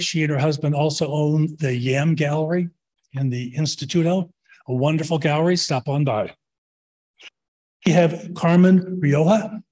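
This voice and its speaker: Man, slightly raised pitch, club MC type, chatty, trips over foreign words. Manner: warm, chatty, stumbles over names and Spanish words. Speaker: club member introducing speakers. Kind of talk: introductory remarks at a meeting.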